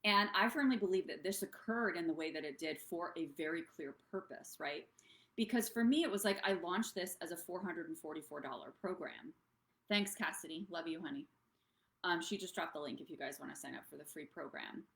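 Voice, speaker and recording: A woman's voice: lowish voice, a little fast, vocal fry, a bit bright, roomy sound. A woman coaching other business owners on a live stream, talking in a bubbly, rambling way that drifts off track. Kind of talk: casual live-stream talk.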